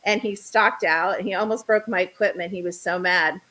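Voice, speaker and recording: A woman's voice: on the low side, moderate pace, low-quality recording. A middle-aged woman, a guest on a talk show, chatting casually and acting out the people in her stories. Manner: animated storyteller, acts out quoted voices. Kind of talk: casual interview chat.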